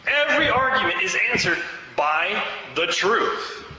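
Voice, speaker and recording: A man's voice: high voice, very animated, unhurried, bright, forceful tone, a little hiss or hum. A man preaching a sermon, fervent and exhorting, urging his listeners to act. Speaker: pastor. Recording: echoey hall, dull sound.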